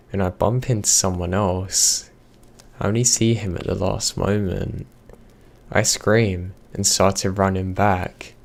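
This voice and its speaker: A man narrating a short first-person scary story in an unhurried scripted read. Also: low voice, gravelly. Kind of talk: scripted narration of reader-submitted horror stories.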